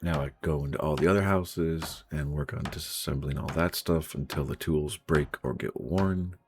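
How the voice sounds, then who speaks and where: Very deep, gravelly-voiced male streamer. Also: moderate pace, slight background noise. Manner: mutters through looting while reacting to chat. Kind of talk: casual live game commentary.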